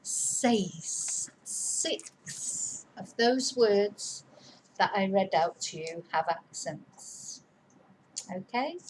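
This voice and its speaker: A woman's voice: medium pitch, expressive, darkish tone, a little hiss or hum, poor audio. A woman teaching a spelling lesson, reading each word twice and then spelling it out letter by letter, with chatty asides. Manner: slow, careful dictation with repeated words and chatty asides. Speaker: Spanish teacher. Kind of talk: spelling lesson, dictating words slowly.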